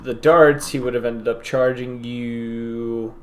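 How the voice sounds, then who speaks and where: A man's voice: medium pitch, fairly even intonation, takes it slowly. A man narrating and running a tabletop game as game master, describing scenes loosely and with laughs.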